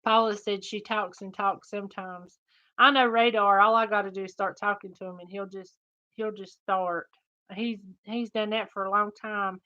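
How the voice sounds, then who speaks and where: A woman's voice: mid-range voice, fairly even intonation, normal speed, pushed and bright. Folksy woman chatting, lo-fi. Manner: folksy, laughs often. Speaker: co-host of a homestead livestream. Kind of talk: casual chat reading viewer comments.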